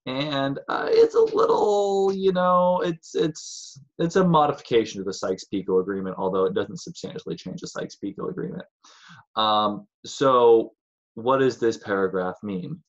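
A man's voice: fairly low pitch, dull audio. A man teaching a casual history lesson in a chatty, rambling way, sometimes acting out voices of historical figures.

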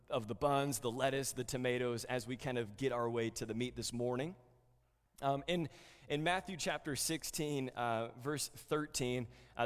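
A man's voice: medium pitch, big-room sound. A man preaching a sermon as pastor, talking conversationally with many fillers and repeated words.

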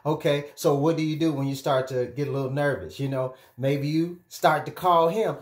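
A man speaking as a relationship and life coach, giving direct-to-camera advice in an animated, emphatic way, often checking in with his listeners. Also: a little high, moderate pace, hardly any pauses. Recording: echoey room.

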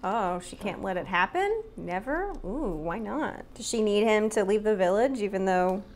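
A woman's voice: mid-range voice, animated, normal speed. A woman hosting a drama reaction video, chatting casually and laughing often as she talks back to the screen. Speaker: drama reaction channel host.

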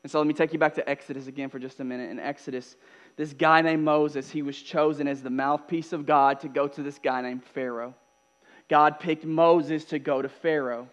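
Pastor, man, fairly high voice, preaching loud then hushed, faint mains hum. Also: steady tone, normal speed. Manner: swings from loud emphatic preaching to soft, hushed asides. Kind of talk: sermon. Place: church.

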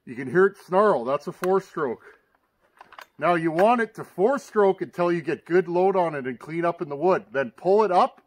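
A plain-spoken man walks viewers through a hands-on repair, calling them "guys" and talking straight to them. His voice sits a touch higher than most men's. At times he pushes it louder, as if over a running engine. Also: animated, moderate pace. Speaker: chainsaw repair demonstrator. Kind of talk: hands-on workshop demonstration.

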